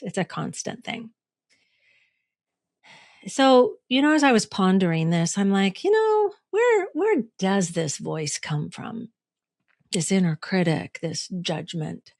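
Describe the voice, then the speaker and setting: A woman's voice: mid-range voice, dry recording, studio quality. A middle-aged woman hosting a reflective solo podcast, talking in a conversational way, asking listeners questions and laughing at herself. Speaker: podcast host and coach.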